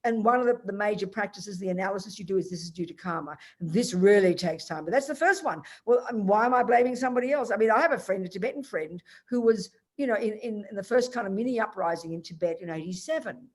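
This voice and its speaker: A woman's voice: medium pitch, lively intonation, fast, hardly any pauses. An older woman, a Buddhist teacher, giving a direct, emphatic dharma teaching over a video call. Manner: direct, emphatic, explains point by point.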